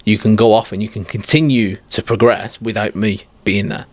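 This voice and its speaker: Blunt low-voiced male life coach. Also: steady tone, moderate pace, a little mellow, no echo. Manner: blunt, direct and emphatic. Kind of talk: podcast conversation.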